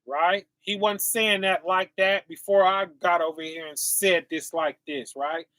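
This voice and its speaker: Slow bright-voiced male street preacher. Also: high-pitched, steady tone, dry recording. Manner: preachy, rhetorical, keeps asking "right?". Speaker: online preacher. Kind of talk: sermon to camera.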